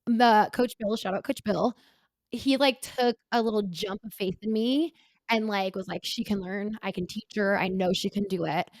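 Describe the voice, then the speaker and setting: A woman in her twenties, a podcast co-host, talking candidly about her past in a halting, earnest way with many filler words. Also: medium pitch, dry recording. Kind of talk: candid personal conversation.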